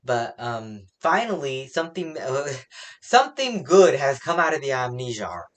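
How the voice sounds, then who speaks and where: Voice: medium pitch, sing-song, a little slow. A reviewer casually recapping a comic chapter, rambling with many fillers and laughing at their own slips. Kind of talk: casual spoken recap and opinion.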